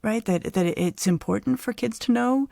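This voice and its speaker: A middle-aged woman psychologist hosting a podcast, explaining conversationally with an animated, easy manner. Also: on the high side, normal speed, creaky, dry recording, studio quality. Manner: animated, explanatory, laughs easily. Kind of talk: conversational expert advice.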